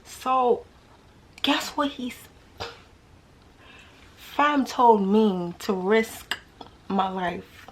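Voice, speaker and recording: Young woman, New York accent, casual storytelling, lively rhetorical questions, faint background hum. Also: on the high side, extremely slow, long pauses. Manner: animated, slangy, rhetorical questions to viewers. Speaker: vlogger telling a dating story.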